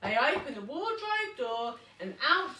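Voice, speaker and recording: A woman reading a bedtime story to her children in a playful, animated way, stopping to chat with them. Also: high-pitched, measured pace, slight background noise. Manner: animated and playful, chatting with the kids. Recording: echoey room, mic far off.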